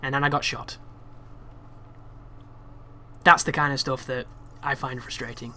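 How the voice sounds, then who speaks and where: This man speaks in a mid-range voice at an unhurried pace, narrating gameplay in a relaxed walkthrough style. He chats freely and vents now and then with exasperated, lively comments on the game.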